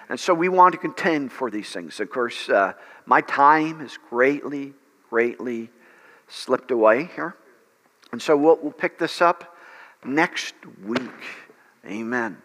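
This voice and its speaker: A male pastor preaches and prays with fervent energy, stumbling now and then over his words. His voice is bright and forceful, and it carries a long reverb through a large hall. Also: medium pitch, lively intonation, a little slow. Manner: fervent preaching with frequent fillers and restarts. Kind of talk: sermon and prayer.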